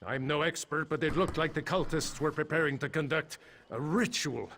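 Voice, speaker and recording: A man's voice: fairly high pitch, normal speed, background noise, lightly acted. An actor playing a flustered, wry mine foreman in a video game, rambling and a little sheepish. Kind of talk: game voice acting. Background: game music.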